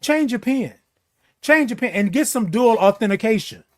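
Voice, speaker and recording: High-voiced man hosting a livestream. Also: expressive, moderate pace. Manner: reads viewer comments aloud and answers them; says "indeed" and "y'all" often. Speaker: livestream host. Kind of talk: casual livestream chat reading comments.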